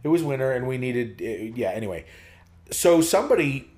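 A man's voice: mid-range voice, sing-song, fairly quick, a crowd in the background. A man co-hosting a podcast, telling a story in casual chat and easily amused. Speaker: podcast co-host.

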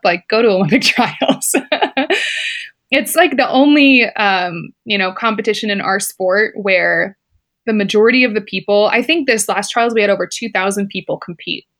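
A woman's voice: mid-range voice, fairly bright tone. A woman, a former competitive swimmer, chatting casually as an interview guest and telling a personal story, laughing often and filling her speech with "like" and "you know".

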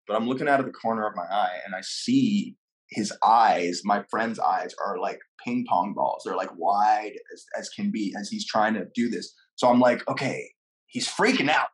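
A man, a guest on a talk show, telling a casual story with lots of laughter, acting out what people said. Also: lowish voice. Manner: animated, laughs often, acts out quotes.

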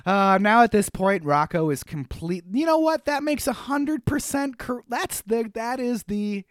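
A man co-hosting a podcast, recapping a cartoon in animated, rambling casual chat with lots of fillers. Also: extremely high pitch, unhurried, no room sound, studio quality. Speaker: podcast co-host.

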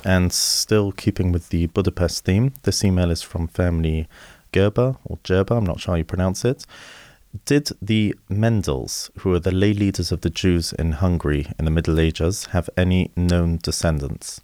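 A man's voice: deep voice, fairly even intonation, moderate pace, darkish tone, dry recording. A man hosting a podcast, reading listener questions in a plain conversational way. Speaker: podcast host.

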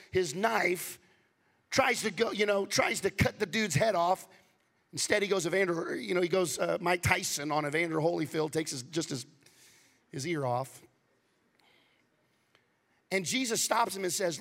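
Male pastor, gravelly, fairly high voice; animated sermon that drops to hushed asides. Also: normal speed. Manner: animated preaching, swings from loud to hushed.

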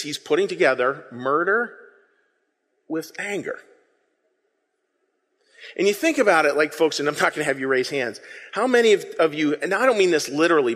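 Lively man preaching in a reverberant hall. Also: fairly high pitch. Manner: animated, conversational, acts out quoted lines. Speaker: pastor. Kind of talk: sermon.

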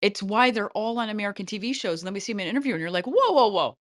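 A middle-aged woman casting director giving animated, chatty advice in an interview, often breaking into light laughs. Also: mid-range voice, very fast, dry recording, clean studio sound.

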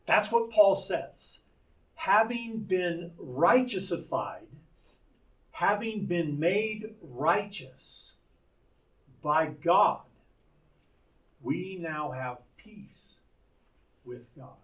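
A man's voice: sits high, animated, extremely slow, pauses often, a bit bright, recorded from a distance. A man teaching a Bible lesson, explaining words by asking rhetorical questions.

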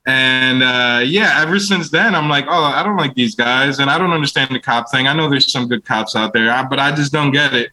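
Bright-voiced, earnest, halting man. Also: mid-range voice, rough recording. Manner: earnest, halting, repeats himself. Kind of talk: casual podcast chat.

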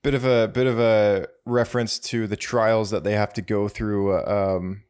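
A man's voice: lowish voice, fairly even intonation, normal speed, darkish tone, smooth. A man co-hosting a casual talk show, easygoing and stumbling over restarts. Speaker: podcast co-host. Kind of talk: casual chat.

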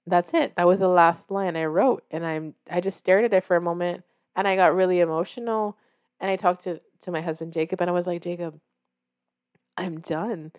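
A woman with a fairly low, smooth voice speaks a little quickly. She's an author hosting her own podcast, chatting casually and encouragingly straight to the listener and acting out her own reactions as she tells her story. It's a warm, motivational talk.

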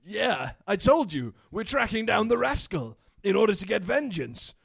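Man playing a male duck detective, hot-headed, very gravelly, husky, high lively voice, comedic script read. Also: normal speed, no echo, heavily acted. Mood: insistent. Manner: outbursts, exclamations.

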